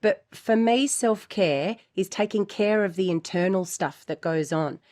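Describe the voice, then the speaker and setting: A woman co-host chatting frankly and earnestly on a podcast. Her voice sits at a middle pitch, and she swears freely as she talks. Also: unhurried, darkish tone. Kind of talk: casual chat.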